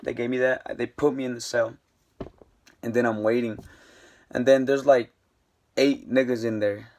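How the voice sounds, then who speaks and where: Young guy, vlogger, slangy rambling storyteller, middle pitch. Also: level tone, moderate pace, darkish tone. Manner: rambling, slangy, lots of fillers. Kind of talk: casual storytime.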